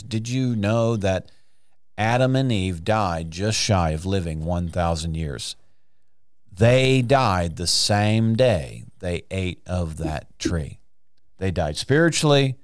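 On a podcast recorded in a studio, a man teaches the Bible in a sermon style, emphatic and full of rhetorical questions, drawing out key words. His voice sits low with no echo.

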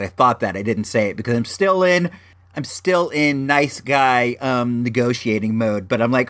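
A man's voice: mid-range voice, big pitch swings, moderate pace, fairly bright tone. A man casually telling a personal story on his show, rambling with lots of fillers and restarts.

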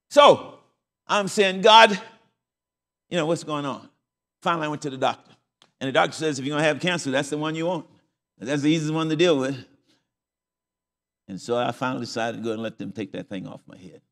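A man's voice: medium pitch, fairly bright tone, long reverb tail. An older man preaching a sermon as pastor, telling stories. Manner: folksy storytelling with laughs.

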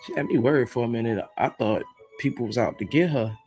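A man's voice: medium pitch, quick pace, a little mellow, soft background music. A man from Brooklyn, hosting his podcast in a casual, joking solo monologue full of laughter. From Brooklyn, New York. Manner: joking, chatty storytelling with laughs. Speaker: podcast host.

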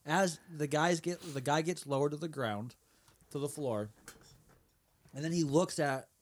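A man's voice: on the high side, a little slow. A man co-hosting a podcast, walking through a TV episode scene by scene and quoting the characters. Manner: retells scenes step by step with quoted lines, casual fillers. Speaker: podcast co-host. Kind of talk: casual discussion of a TV episode.

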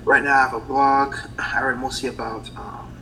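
A man's voice: medium pitch, little pitch movement, normal speed, sharp tone, a little hiss or hum, poor audio. A man in his thirties from Haiti, a writer guest on a podcast, speaking hesitantly with many ums and laughing easily. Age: 30s. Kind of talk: casual podcast interview.

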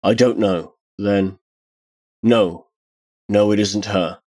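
A man's voice: lowish voice, steady tone, slow, darkish tone. A man voicing a grieving, weathered uncle in a story, speaking in a weary, subdued way.

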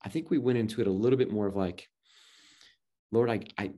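Low mellow-voiced man telling a story. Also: a little fast. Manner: rambling, many restarts and quoted dialogue. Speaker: guest adoptive father. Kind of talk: casual storytelling chat.

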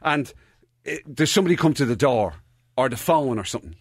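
A man's voice: mid-range voice, expressive, fairly quick, breathy edge, dry recording, clean studio sound. A man co-hosting a podcast, rambling through stories in casual chat and swearing. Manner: rambling storyteller, repeats "to be honest with you", swears. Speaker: podcast co-host.

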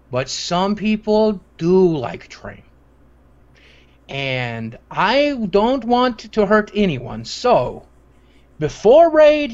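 A man voicing a female guild leader in a made-up accent, speaking slowly in choppy broken phrases. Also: mid-range voice, darkish tone, muffled recording, voice pushed up.

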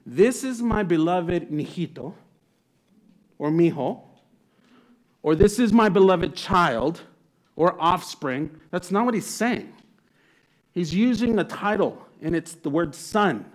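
Excited pastor guy preaching, reads scripture then explains it, kinda high voice. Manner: enthusiastic, animated preaching. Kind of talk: sermon.

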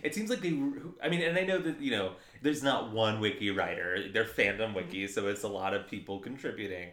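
A man with a lowish voice and a bright, forceful tone co-hosts a casual podcast and drops dry, joking asides. His voice carries the echo of the room. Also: a little fast. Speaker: podcast co-host. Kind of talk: casual chat.

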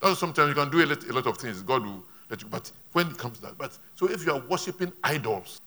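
A male pastor, preaching a sermon with emphatic rises and quiet asides. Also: medium pitch, animated, quick pace, few pauses.

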